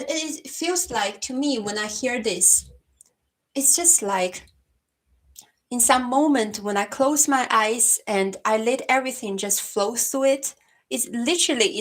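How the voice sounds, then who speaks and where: A woman from China with a Chinese accent, hosting a casual livestream chat and answering viewers' comments in a soft-spoken way, often calling them her friend. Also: on the high side. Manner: soft-spoken, frequent restarts and laughs, addresses viewers as my friend. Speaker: livestream host.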